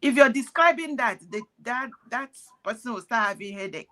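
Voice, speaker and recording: A woman's voice: a little high, expressive, normal speed, pushed and bright. A woman giving earnest, preachy commentary in parables, sounding pained. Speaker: activist speaking on a call. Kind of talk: impassioned commentary.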